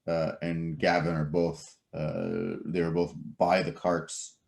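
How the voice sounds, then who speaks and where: A man's voice: low voice, very animated, slow pace, gravelly, darkish tone. A man running a tabletop game as game master, explaining the scene at length with many fillers and restarts.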